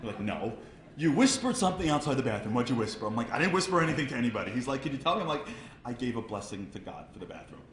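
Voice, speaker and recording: A man's voice: medium pitch, sing-song, racing, slight background noise. A man giving a humorous talk to a live audience, telling stories and acting out the dialogue before turning to a Torah lesson. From United States. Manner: storytelling with jokes, acting out dialogue. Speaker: speaker at a charity event. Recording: echoey room with faint ambience.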